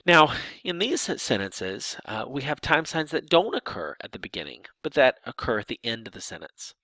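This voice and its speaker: A man explaining sign language grammar in a relaxed lecture, emphatic and lively, often restarting his phrases. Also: mid-range voice, normal speed, dry recording. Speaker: ASL linguistics instructor.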